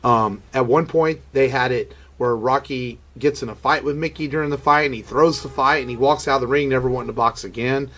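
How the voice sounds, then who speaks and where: A man's voice: medium pitch, brisk, hardly any pauses, a bit bright. A man co-hosting a casual podcast, explaining film background thoughtfully with small restarts. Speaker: podcast co-host. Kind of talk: casual movie discussion.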